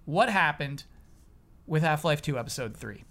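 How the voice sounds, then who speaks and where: A man's voice: a little high, lively intonation, normal speed, a bit bright. A man hosting a podcast in casual chat, upbeat and jokey, steering the talk between friends. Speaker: podcast host.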